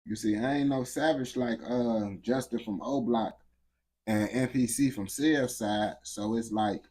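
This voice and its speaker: A man's voice: mid-range voice, fairly even intonation, a little slow, a little mellow. A man livestreaming and chatting casually with his viewers, talking in heavy slang, repeating himself and laughing often.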